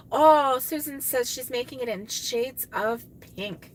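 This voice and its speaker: A high-pitched woman speaks at a measured pace as she hosts a crochet live stream, reading viewers' comments aloud and chatting informally. She often gushes and exclaims, and a faint hiss or hum is audible.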